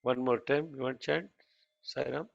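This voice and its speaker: A man teaching a chanting class online, patiently correcting pronunciation and demonstrating lines slowly. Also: medium pitch, steady tone, vocal fry, no echo, lo-fi sound.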